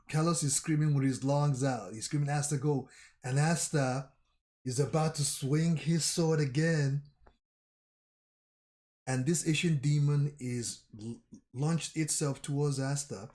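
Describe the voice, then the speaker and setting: A man reading a comic aloud with live commentary. He thinks out loud and often repeats his phrases. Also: on the high side, takes it slowly, pauses often. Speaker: manga reaction streamer.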